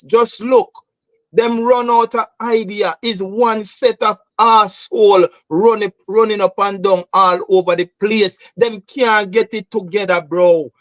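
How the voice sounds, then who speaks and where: A man's voice: high voice, fairly bright tone, no room sound. A Jamaican man hosting a political talk show, speaking passionately and emphatically in patois-laced English, often calling listeners "bro.". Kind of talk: heated political commentary.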